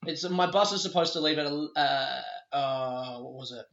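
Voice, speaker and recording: A man's voice: mid-range voice, unhurried, creaky, a bit bright. Rambling Australian guy telling stories. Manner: rambling, laughing often, swears freely. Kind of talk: casual storytelling monologue. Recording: echoey room, dull lo-fi sound.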